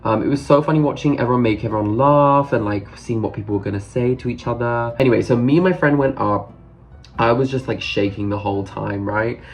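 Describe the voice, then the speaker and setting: A British man in his late twenties telling a story in a casual vlog, excitable and gushing, with lots of "like" fillers. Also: medium pitch, fairly quick. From Britain. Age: 20s. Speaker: vlogger.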